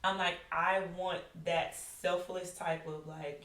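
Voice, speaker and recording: A frank, emphatic woman in her late thirties speaks as a podcast guest. Her voice sits a bit low, and she often restarts her sentences. She sounds set back from the mic in an echoey room. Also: fairly even intonation, slow, fairly bright tone, distant mic. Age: 30s. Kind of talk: candid conversational storytelling.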